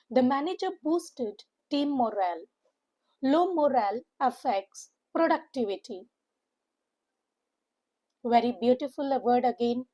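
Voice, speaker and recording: A woman teaching vocabulary, spelling out sounds slowly and repeating words for emphasis. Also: fairly high pitch, dark tone, poor audio. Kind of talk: online vocabulary lesson.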